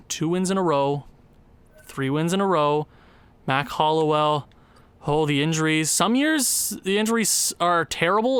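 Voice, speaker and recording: Young guy talking over his game, sighs a lot, voice cracks up high when he gets fed up, dry close mic. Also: a bit bright, smooth, no echo. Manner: exasperated, sighing, jumps high in pitch when frustrated. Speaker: gaming YouTuber. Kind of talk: casual gameplay commentary.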